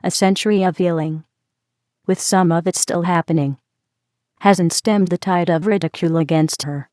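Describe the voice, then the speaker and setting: A calm man talks things over in a measured, unhurried way. A woman reads his lines. Her voice is lowish and dry. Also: no echo, lightly acted. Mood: reflective.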